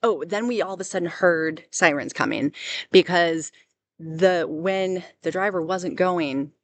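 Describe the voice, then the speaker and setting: A woman recounting a personal experience as an unscripted testimony, halting and full of restarts. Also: on the low side, no room sound. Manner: halting, with many restarts and fillers. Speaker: survivor telling her story. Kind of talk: personal testimony, casual storytelling.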